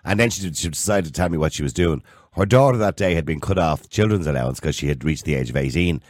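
A middle-aged Irish man hosting a radio talk show, measured and pushing back on claims. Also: very deep voice, a little mellow, dry recording, clean studio sound. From Ireland. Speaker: radio host.

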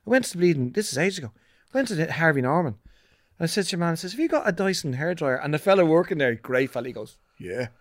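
A man's voice: a little high, fast, no room sound. A man, co-hosting a podcast in casual chat, telling rambling stories full of swearing. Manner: rambling, swearing, animated storytelling. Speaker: podcast co-host.

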